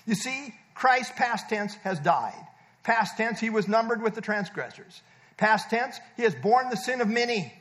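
High-voiced emphatic preaching man. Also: expressive, a little slow, fairly bright tone. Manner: emphatic, repeating words for stress; teaching, explains verb tenses and verses. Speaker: pastor. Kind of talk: sermon.

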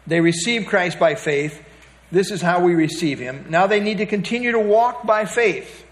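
A man's voice: high voice, normal speed, a little hiss or hum. Man teaching a Bible lesson from notes. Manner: reads from notes with frequent fillers and restarts, pointing to the page.

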